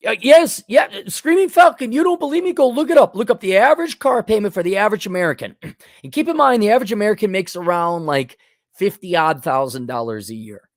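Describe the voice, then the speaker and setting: A man's voice: high voice, lively intonation, brisk, no echo, studio quality. A middle-aged man hosting a livestream, reading super chats in a blunt, sarcastic, mocking way. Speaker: host.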